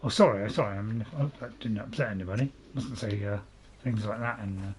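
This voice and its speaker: On his own gaming channel, a man with a lowish voice talks quickly through a let's-play, rambling and chatting to himself with frequent chuckles.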